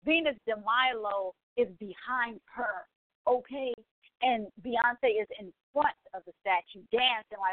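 Female host, 40s, excitable casual chatter, higher voice, phone-line quality. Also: measured pace, no echo. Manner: excitable and gushing, frequent exclamations. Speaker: podcast host. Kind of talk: casual chat. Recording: tinny phone-like line, dry.

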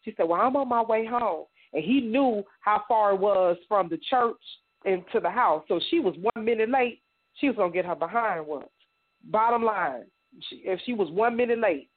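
A middle-aged woman from Indiana giving personal testimony in a radio interview, halting and repeating words as she acts out what others said. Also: medium pitch. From Indiana, United States. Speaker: guest survivor telling her story. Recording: tinny phone-like radio sound.

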